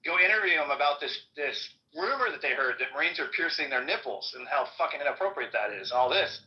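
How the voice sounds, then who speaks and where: A man's voice: a little high, expressive, sharp tone, poor audio. A man who is a Marine veteran, telling a story in casual chat with frequent swearing. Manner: profane, fast, chatty.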